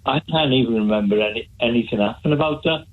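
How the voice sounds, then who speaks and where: A male caller phones in to a radio show and chats cheerfully, wandering a little as he goes. His voice is slightly husky. It comes over a narrow, tinny phone line. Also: medium pitch, fast talker. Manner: chatty, cheerful, rambling. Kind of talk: phone-in call. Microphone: telephone line.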